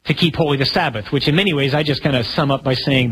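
A man preaching as a priest in a relaxed, conversational sermon, asking the audience questions and poking fun at himself. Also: medium pitch, fast talker, slight background noise, poor audio. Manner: conversational, asks the audience questions, self-deprecating humor. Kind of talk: sermon talk to a congregation.

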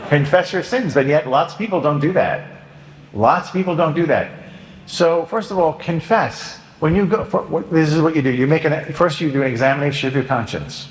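A man, a Catholic priest, giving a humorous homily in a joking, animated way, now and then acting out penitents' voices. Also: a little high, brisk. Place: church. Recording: echoey church hall.

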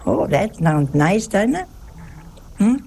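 Gravelly-voiced woman preaching folksy. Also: on the low side, big pitch swings, takes it slowly, dark tone. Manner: chatty, storytelling, asks rhetorical questions. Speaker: nun giving a talk. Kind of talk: folksy sermon-style talk.

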